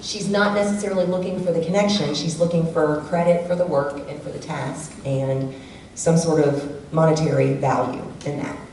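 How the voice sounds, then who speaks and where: Warm-voiced middle-aged woman presenter in an echoey hall. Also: low-pitched, moderate pace. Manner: animated storyteller who acts out quoted family members. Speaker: workshop presenter. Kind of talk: community workshop talk with personal stories. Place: church hall. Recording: echoey hall from far off, faint room noise.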